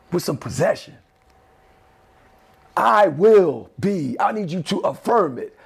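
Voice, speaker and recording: A motivational speaker gives an emphatic, repetitive talk to a class of teenagers, leading them in call-and-response affirmations. His voice is extremely high-pitched, gravelly and slightly rough.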